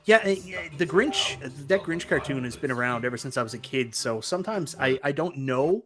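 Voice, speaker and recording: A man co-hosting a casual gaming live stream, chatting with dry deadpan jokes. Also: mid-range voice, fairly quick, music in the background. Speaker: co-host.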